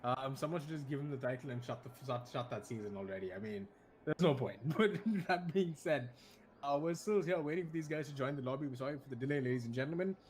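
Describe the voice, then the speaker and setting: Delivering live commentary on an online race, a man from India talks fast in a medium-pitched, slightly mellow voice. He's chatty, restarts often and laughs easily.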